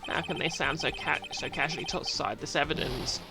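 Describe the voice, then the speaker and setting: A man streaming a video game, reading its dialogue aloud with emphatic, lively energy. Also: a little high, a little fast, gravelly. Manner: lively, reads the defense lines with emphatic energy. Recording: game music behind.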